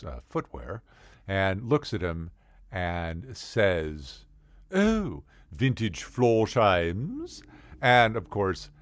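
A man's voice: sits low, dry recording. Guy rambling through funny stories, voice jumping all over, dry close sound. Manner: rambling, animated, digressive. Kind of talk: comedic storytelling monologue.

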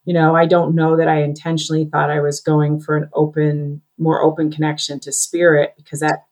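A woman's voice: sits low, monotone, brisk, darkish tone. A woman speaking reflectively in a casual conversation, hesitant and using fillers. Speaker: guest, psychic medium.

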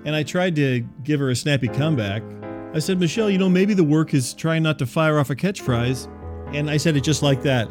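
A man hosting a comic audio show, telling rambling neighborhood stories in a dry, deadpan way with wry asides. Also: medium pitch. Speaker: host.

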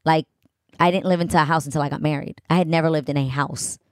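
A young woman from New York talks in a lowish voice with a clear New York accent. Her speech is animated and rambling, full of restarts and asides, and the recording is dry and close with no room sound. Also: fast talker, no echo. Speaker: guest co-host. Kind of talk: casual podcast chat.

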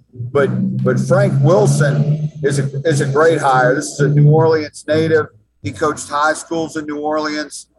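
A man's voice: mid-range voice, no echo, rough recording. A man giving sports talk commentary as an analyst, emphatic and often repeating words as he thinks.

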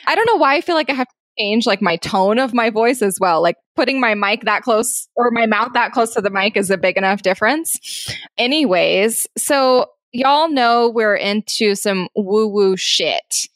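A woman co-hosting a podcast, talking quickly in a playful, rambling way close to the mic. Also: on the high side, lively intonation, a bit bright, no room sound. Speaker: podcast co-host. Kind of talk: casual podcast chat.

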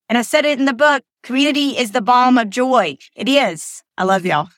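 A woman's voice: a little high, moderate pace, dry recording, studio quality. A woman cheerfully telling a story to camera and encouraging her listeners. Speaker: vlogger sharing daily stories. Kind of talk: casual chat to camera.

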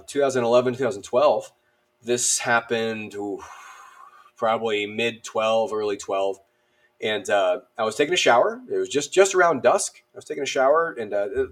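Guy on a podcast telling an army story, lively and jokey, lots of uhs. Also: medium pitch. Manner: animated, self-deprecating, many fillers. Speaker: podcast guest. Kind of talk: casual storytelling.

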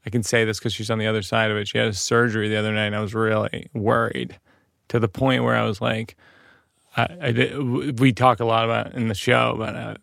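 A man hosting a casual chat, talking reflectively with halting restarts. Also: lowish voice, flat delivery, gravelly, fairly bright tone, no echo, clean studio sound.

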